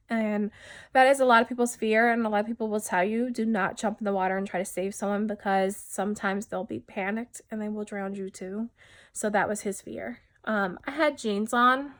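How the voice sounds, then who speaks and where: Halting, soft-spoken woman giving testimony. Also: mid-range voice. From New Jersey, USA. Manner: halting, many fillers and restarts, often drops soft. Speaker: widow giving a personal testimony. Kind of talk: personal testimony.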